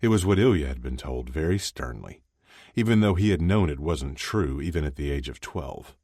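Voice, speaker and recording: Very deep-voiced man reading a story. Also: expressive, normal speed, dark tone, dry recording, studio quality. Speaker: audiobook narrator. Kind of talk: scripted narration.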